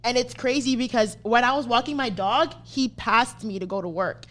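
A woman's voice: on the high side, moderate pace. A young adult woman, a podcast host telling a story in casual, profane chat and acting out what people said. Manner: profane, animated, acts out quotes.

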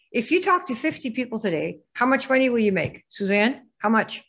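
A woman's voice: on the high side, sing-song, fairly quick, hardly any pauses. A woman giving a live business training presentation. She keeps firing rhetorical questions at her listeners and pushing them to answer. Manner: rhetorical, quizzes the audience.

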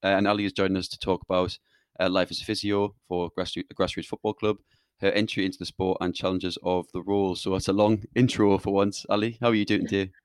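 Deep-voiced Northeast English host. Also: male voice, level tone, fast, clear, resonant tone, no room sound, studio quality. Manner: easygoing, laughs often. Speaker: podcast host. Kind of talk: casual podcast chat.

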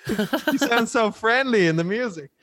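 A young man, a musician guest on a podcast, chatting in a relaxed, easygoing way. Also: medium pitch, normal speed. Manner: relaxed, easygoing, reactive interjections. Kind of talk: casual chat.

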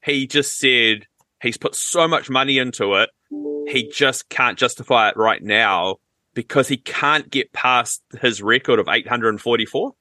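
A man co-hosting a podcast in casual chat, easygoing and quick with joking asides. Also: mid-range voice, sharp tone, dry recording. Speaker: podcast co-host.

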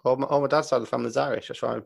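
A man's voice: medium pitch, fairly even intonation, very fast, gravelly, breathy edge. Swearing, joking man. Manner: swearing, joking storyteller, laughs often. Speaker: podcast co-host. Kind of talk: casual banter.

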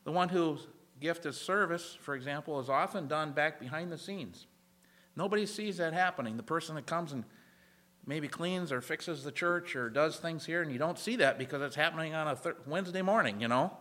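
A man's voice: on the high side, fairly quick, sharp tone. A man preaching a sermon in an earnest, emphatic way, stressing key phrases. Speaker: pastor.

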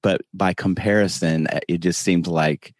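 Deep-voiced slow Southern man. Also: steady tone, no room sound, clean studio sound. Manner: slow, meandering, halting restarts. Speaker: podcast guest. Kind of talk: casual interview chat.

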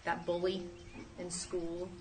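A woman in her thirties giving a sermon, lively and acting out the voices she quotes. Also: fairly low pitch, slow pace. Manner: animated, acts out quoted voices. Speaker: speaker at a church talk. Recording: distant mic, faint room noise.

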